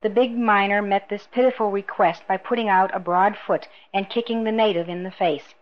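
A woman reading a novel aloud in a measured, even narration. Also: medium pitch, highs cut off. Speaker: audiobook narrator. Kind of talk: scripted narration.

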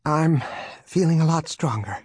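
A man's voice: a little high, lively intonation, unhurried, a little mellow, breathy edge, dry recording, clean studio sound, voice pushed up. A man voicing a wry, reserved adult woman with an understated way of talking.

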